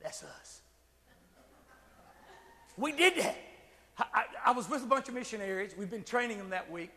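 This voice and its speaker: A man preaching a sermon, telling a story with animated delivery that swells into shouted emphasis. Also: high voice, normal speed. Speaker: pastor. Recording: long hall reverb.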